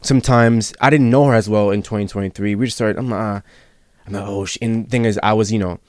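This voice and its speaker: Low-voiced man telling a rambling story. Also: steady tone, quick pace, no room sound, clean studio sound. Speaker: podcast host. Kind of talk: casual podcast chat.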